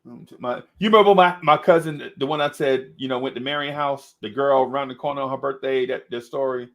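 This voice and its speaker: A podcast co-host with a medium-pitched voice speaks quickly as he tells a childhood story in casual conversation. He's animated, laughing often and acting out the people in his tale.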